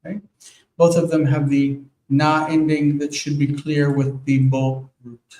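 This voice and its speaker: Male grammar teacher, slow patient explaining, somewhat high voice, distant mic, echoey room. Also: level tone, a little mellow. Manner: slow, patient explaining with frequent "okay?" checks. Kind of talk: online grammar lesson.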